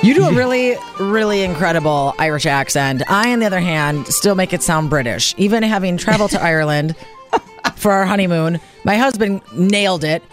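A woman co-hosting a morning radio show, bantering with quick, chatty asides. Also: on the low side, animated, soft background music. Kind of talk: casual morning radio chat.

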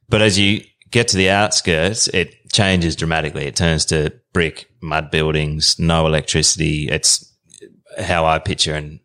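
A man, a podcast guest telling a long travel story in a relaxed, rambling way. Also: deep voice.

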